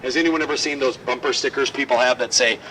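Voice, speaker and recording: A man leading a walking tour outdoors, telling stories in a lively, joking way. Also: medium pitch, quick pace. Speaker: tour guide. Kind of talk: guided walking tour talk. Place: outdoors on a city street. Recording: distant outdoor mic, faint street noise.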